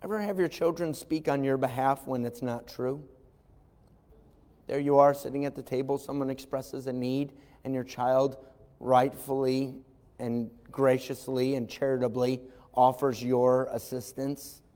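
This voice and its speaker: A man preaching a sermon as an animated storyteller who acts out voices and adds wry asides, recorded in a church sanctuary. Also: mid-range voice, unhurried. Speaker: pastor. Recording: long hall reverb.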